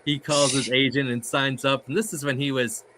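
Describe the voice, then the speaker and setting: A man's voice: mid-range voice, flat delivery, normal speed, pushed and bright, a little hiss or hum. Laughing, hesitant male interviewer. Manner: hesitant, laughs often, many ums. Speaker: host, interviewer. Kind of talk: casual interview chat.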